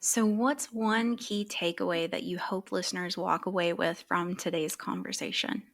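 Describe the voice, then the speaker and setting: A woman's voice: fairly low pitch, steady tone, normal speed, vocal fry. A woman hosting a podcast interview, asking brief, plain questions. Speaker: podcast host.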